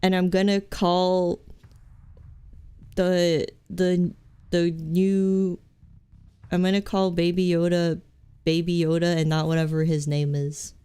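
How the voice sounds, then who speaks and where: A woman's voice: fairly low pitch, little pitch movement, takes it slowly, pauses often, mellow, smooth. A young woman streaming a game, chatting in a rambling, goofy, self-mocking way with many restarts. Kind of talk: live game stream chat.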